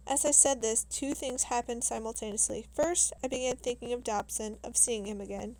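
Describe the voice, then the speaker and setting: A woman reading a novel aloud in a steady, measured way, with small restarts now and then. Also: fairly high pitch, rough recording. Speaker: reader.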